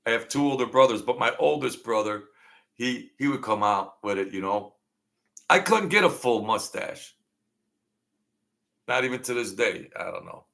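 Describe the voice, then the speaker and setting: A middle-aged man hosting a casual late-night livestream from home speaks in a mid-range, fairly bright, creaky voice, expressive and at a moderate pace with frequent pauses. He's jokey and rambling, drifting into memories with lots of fillers.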